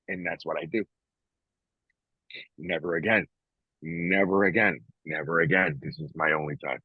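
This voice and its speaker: A man's voice: deep voice, normal speed, husky, dry recording, highs cut off. A man co-hosting a casual podcast, speaking frankly and reflectively, swearing freely and often restarting his sentences. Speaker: podcast co-host.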